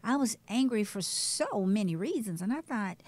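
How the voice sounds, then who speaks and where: A woman's voice: medium pitch, moderate pace, dry recording. Candid woman sharing her survival story. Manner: candid, animated, shifts between loud and hushed. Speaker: guest, breast cancer survivor. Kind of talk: emotional personal testimony.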